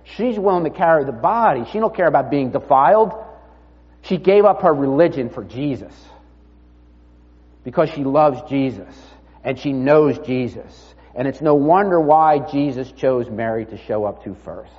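Male preacher, mid-pitched, conversational storytelling sermon, long hall reverb, dull lo-fi sound. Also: lively intonation, moderate pace. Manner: conversational storytelling, drops to near-murmur.

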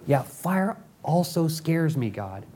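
A man's voice: on the high side, very animated, slow pace, warm tone, slightly rough, pitched above the performer's own voice, exaggerated voice. A preacher doing a timid, frightened man. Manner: hesitant and sheepish.

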